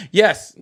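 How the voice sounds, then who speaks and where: A man's voice: high-pitched, fairly bright tone. A man with a Southern American accent hosting a casual live call-in stream, blunt and teasing, often laughing.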